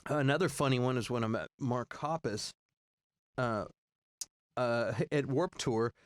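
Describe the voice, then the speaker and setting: A man in his forties telling rambling road stories in casual chat, acting out other people's lines in high voices. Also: measured pace, clean tone, no room sound. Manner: rambling, animated, acts out quoted voices high.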